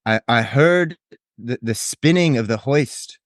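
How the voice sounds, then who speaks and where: A man's voice: medium pitch, lively intonation, measured pace, dry recording, clean studio sound, natural voice. A man voicing a shocked, foul-mouthed neighbor witness, rambling and repeating himself. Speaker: podcast co-host. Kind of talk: improvised comedy sketch.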